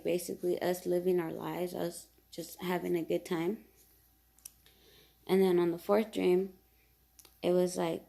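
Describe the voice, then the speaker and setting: A woman's voice: lowish voice, gravelly, mellow. A woman telling a long story in a casual, rambling way, with many fillers and mild swearing.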